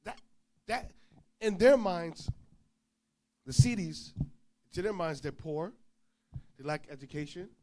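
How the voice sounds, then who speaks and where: Male preacher, higher voice, lively storyteller who acts out the dialogue himself, informal sermon. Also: slow pace, long pauses. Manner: animated storyteller, acts out dialogue, swings loud and soft.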